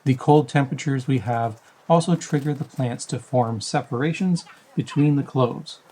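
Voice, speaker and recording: Man reading a calm voice-over. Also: medium pitch, moderate pace, low-quality recording. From Canada. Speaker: backyard farming channel host. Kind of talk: scripted voice-over narration.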